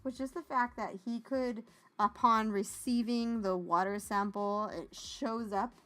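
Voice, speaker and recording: Bright-voiced sarcastic woman podcaster. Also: fairly high pitch, a little slow. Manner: animated, sarcastic, laughing often. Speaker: podcast co-host. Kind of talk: casual chat.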